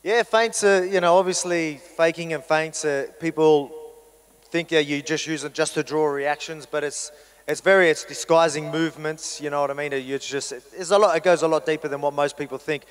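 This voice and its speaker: An Australian man speaks as a fighter fielding press questions, easygoing and self-deprecating. His voice sits a little high and sounds smooth and clean. A long hall echo hangs behind him. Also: steady tone, normal speed. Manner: laid-back, joking, self-deprecating. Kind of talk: casual press conference answers.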